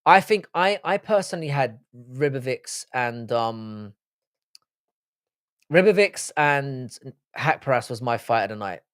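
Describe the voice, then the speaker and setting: A man's voice: mid-range voice, expressive, a little slow, a bit bright, no echo, clean studio sound. A young man hosting a live-stream panel, talking in casual, blunt and profane banter. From United Kingdom. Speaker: livestream panel host.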